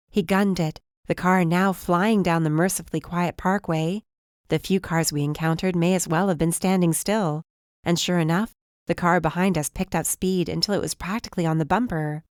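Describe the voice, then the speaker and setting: A woman reading a first-person mystery audiobook in a measured, even storytelling manner. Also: on the low side, no room sound, clean studio sound. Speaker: audiobook narrator.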